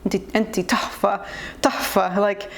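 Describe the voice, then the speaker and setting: A woman's voice: medium pitch, fairly even intonation, a little slow, creaky. A young woman, an Arabic linguist, chatting casually and correcting points as she switches between English and Arabic. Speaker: Arabic linguist reacting to a video. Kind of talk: casual reaction commentary.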